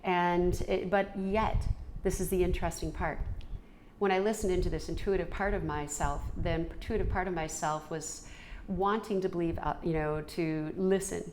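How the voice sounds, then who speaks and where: Earnest middle-aged woman, slightly low voice, telling her own story reflectively with restarts. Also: fairly even intonation, moderate pace, a little mellow, slight background noise. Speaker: storyteller sharing a personal experience. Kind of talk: personal storytelling.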